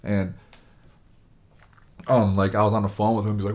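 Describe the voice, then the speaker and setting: A man's voice: lowish voice, flat delivery, moderate pace, pauses often, darkish tone. A man, around his twenties, telling a long casual story, rambling with lots of fillers. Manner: rambling, lots of "like" and "you know".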